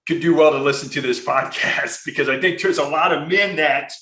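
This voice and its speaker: A podcast host conducts a casual conversational interview, rambling earnestly with frequent profanity and restarts. His voice is on the high side, fairly quick and sharp, captured in a roomy, low-quality recording.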